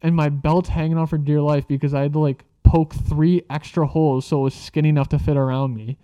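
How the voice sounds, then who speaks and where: A young man spins a casual storytime monologue, rambling through filler words and swearing without a second thought. His voice sits somewhat high but sounds soft and mellow. The recording is dry and slightly muffled, with a lo-fi dullness. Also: flat delivery, a little fast, clear, resonant tone, no room sound. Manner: rambling, profane, filler-heavy.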